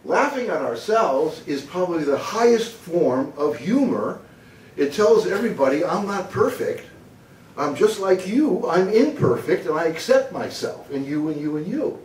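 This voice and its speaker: A man's voice: normal speed, a little hiss or hum. Older american guy telling a funny story on stage, does a big announcer voice, laughs at himself, echoey room. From United States. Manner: animated storyteller who puts on a booming announcer voice and laughs at his own jokes. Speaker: motivational humor speaker. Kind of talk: storytelling keynote talk. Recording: echoey hall, mic at a distance.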